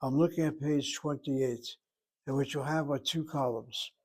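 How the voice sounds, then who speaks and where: An older man lectures on grammar in a measured, methodical way. His voice sits in an ordinary middle pitch, and he walks through each rule one step at a time. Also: fairly even intonation. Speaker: Hebrew teacher.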